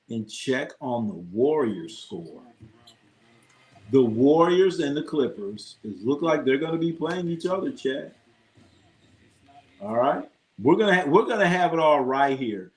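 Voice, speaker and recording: A man hosting a live sports stream, rambling and swearing casually as he reacts to scores and talks to his chat. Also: mid-range voice. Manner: rambling, profane, talks to chat, tells jokey anecdotes. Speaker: sports livestream host.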